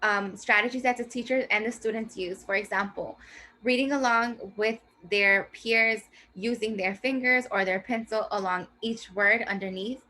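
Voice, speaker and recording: A woman teacher explaining a reading strategy to her class in a clear, slow, teacherly way. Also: medium pitch, bright, forceful tone. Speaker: teacher presenting a reading lesson. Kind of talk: scripted classroom presentation.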